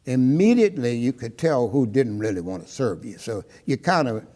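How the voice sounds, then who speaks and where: A man's voice: medium pitch, expressive, normal speed, dark tone, big-room sound. An older man from Maryland, an interviewee recounting his personal history, who tells his story and often acts out the dialogue he remembers.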